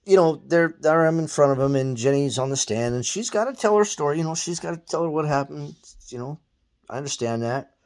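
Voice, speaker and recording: A man telling a story in blunt, profane, animated casual talk. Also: on the high side, fairly quick. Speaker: guest storyteller.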